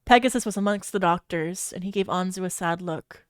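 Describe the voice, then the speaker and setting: A woman's voice: fairly low pitch, a little fast, no echo, studio quality. A woman streamer reading fanfiction aloud and breaking off to react with giggles and exclamations.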